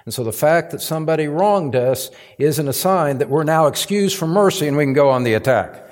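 A man's voice: fairly high pitch, expressive, a little fast. A male pastor preaching a sermon, emphatic, climbing to stressed points and repeating words for weight. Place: church sanctuary.

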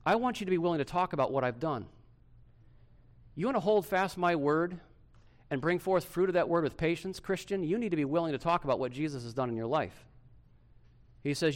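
Animated male pastor preaching. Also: a little high, a little fast, pauses often. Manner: animated preaching, swinging from loud emphasis to hushed softness. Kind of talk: sermon.

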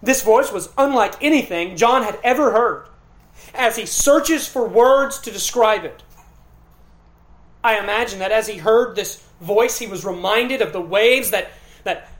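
A man's voice: high voice, fairly bright tone. Earnest preaching man in an echoey hall. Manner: earnest preaching with emphatic repetition and pauses. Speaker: pastor. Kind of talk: sermon.

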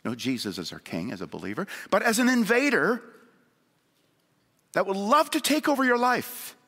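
A man preaching a sermon in earnest, moving between raised emphasis and hushed appeals. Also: high voice, sing-song, normal speed. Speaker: pastor. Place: church sanctuary. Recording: long church hall reverb.

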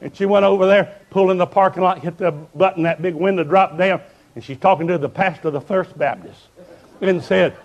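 A man preaching a revival sermon, telling stories fervently and building up to shouts. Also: high voice, a little fast, highs cut off.

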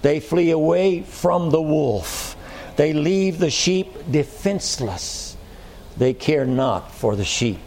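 A man preaching a sermon in a church at a slow, deliberate pace. His voice sits fairly high for a man, and he drives his points home with repetition and direct questions to the congregation. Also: expressive, darkish tone, slight background noise. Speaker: pastor.

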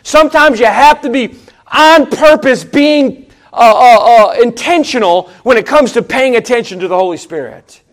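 At a moderate pace, a middle-aged male pastor preaches in a conversational way, repeating his phrases and swinging from emphatic rises to low, quiet asides.

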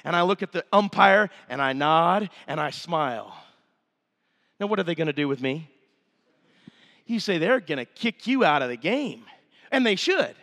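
A man preaching a revival sermon, telling a story with animated, emphatic delivery. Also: fairly high pitch, moderate pace, pauses often. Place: church sanctuary. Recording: long reverb of a church hall.

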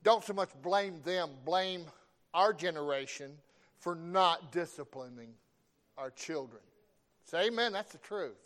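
A middle-aged man preaching in a fairly high voice. He tells homespun stories at an easy pace and often pauses to ask for an amen. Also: expressive, a bit bright. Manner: folksy, calls for amens. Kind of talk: sermon with folksy storytelling.

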